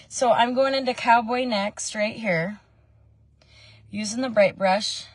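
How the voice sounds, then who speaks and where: A woman's voice: medium pitch, dry recording. Chatty woman vlogging from her car. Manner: chatty and meandering, with frequent ums. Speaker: makeup vlogger. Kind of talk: casual makeup tutorial chat. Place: parked car.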